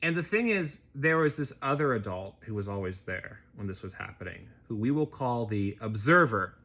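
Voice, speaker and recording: A man vlogger telling a personal story as political commentary, in an expressive, animated way. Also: lowish voice, normal speed.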